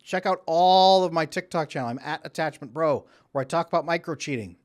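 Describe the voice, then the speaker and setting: A man's voice: on the high side, a little fast, few pauses. A man talking as a relationship coach, giving direct advice and acting out the voices of people he quotes. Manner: animated, acts out quoted voices. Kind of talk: direct-to-camera advice talk.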